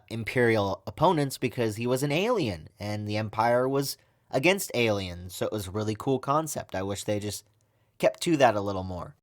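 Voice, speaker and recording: Guy doing a casual show review, sarcastic, kinda grumbly, regular mid voice. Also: medium pitch. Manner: sarcastic, complaining.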